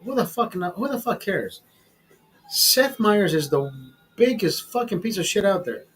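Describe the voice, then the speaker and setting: Tipsy male livestream host, husky, foul-mouthed and cocky. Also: high-pitched, sing-song, measured pace, a bit bright, soft background music, poor audio. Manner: crude, boastful, swearing constantly. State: tipsy from drinking. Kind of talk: casual profane rant.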